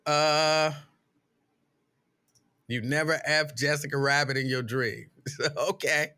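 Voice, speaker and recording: Speaking slowly in a voice on the high side, a middle-aged man runs a casual live stream. He reads his viewers' comments aloud and tells stories in an animated, exasperated style, putting on mock outrage.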